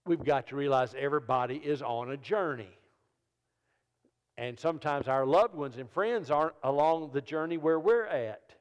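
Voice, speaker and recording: A man, an evangelist and comedian telling funny stories in a sermon and jumping into loud high voices when he quotes people. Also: normal speed, clean tone, dull audio. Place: church service. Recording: long reverb of a church hall.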